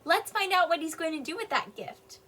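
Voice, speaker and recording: Kindergarten teacher lady, high bouncy voice, stretches out every sound, kinda far from the mic. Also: sing-song, bright, forceful tone. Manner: slow, exaggerated sounding out of words; patient, encouraging teacher talk. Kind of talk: phonics and reading lesson for young children.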